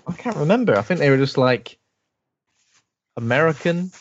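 Man, podcast co-host, animated, jokey, dull lo-fi sound. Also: fairly high pitch, moderate pace. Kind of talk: casual chat.

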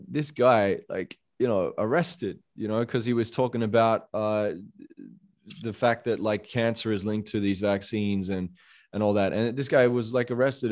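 A man's voice: lowish voice, darkish tone. A man talking in a casual podcast chat, impassioned and rambling, peppering his speech with "bro" and "man". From Australia. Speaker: podcast guest.

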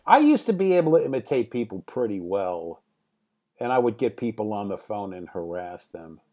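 This middle-aged man, a film director being interviewed, recounts anecdotes at normal speed in a voice on the low side. Lively and animated, he acts out quotes and laughs frequently.

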